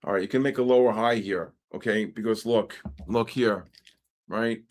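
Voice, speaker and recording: A man's voice: fairly low pitch, normal speed. A man hosting a live trading stream, chatting in a rambling, wisecracking way and telling stories between market calls. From New York. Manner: rambling, wisecracking, animated storytelling with asides to chat. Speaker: trading livestream host. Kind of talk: casual chat while trading live.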